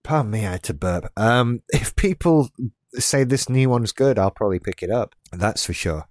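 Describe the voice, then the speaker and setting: A man in his late thirties co-hosting a podcast chats casually, rambling in a laid-back way with restarts and wry asides. He speaks at normal speed, animated, in a fairly low and slightly mellow voice. No echo, clean studio audio.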